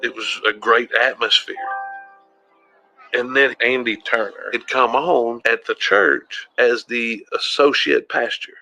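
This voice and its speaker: A man's voice: medium pitch, poor audio. A man, recalling events in a documentary interview and acting out the dialogue he quotes. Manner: storytelling, acts out quoted dialogue. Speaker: interviewee, former church member.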